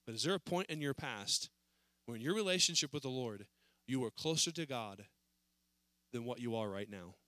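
A man preaching a sermon in a church service, earnest, rising to pleading and then dropping low. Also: lively intonation, moderate pace, long pauses, pushed and bright, no echo.

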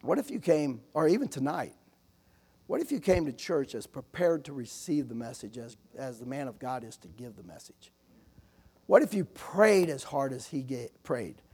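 A man's voice: mid-range voice, sing-song, normal speed, a little mellow, breathy edge. A man preaching a sermon as a visiting missionary, talking to the congregation in a loose, conversational way and often checking in with "amen?". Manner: conversational preaching with frequent "amen?" asides and acted anecdotes.

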